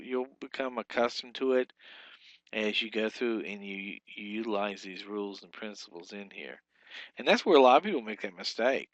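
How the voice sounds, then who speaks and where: A man teaching a recorded Hebrew grammar lesson, explaining rules step by step with frequent pauses and restarts. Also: mid-range voice, a bit bright, no echo, lo-fi sound.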